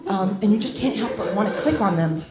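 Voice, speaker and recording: A young woman in her twenties doing a stand-up set, rambling and self-deprecating, swearing freely and jumping into loud acted asides. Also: medium pitch, lively intonation, fairly quick. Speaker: stand-up comedian. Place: comedy club stage with a laughing audience. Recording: roomy club sound with crowd laughter.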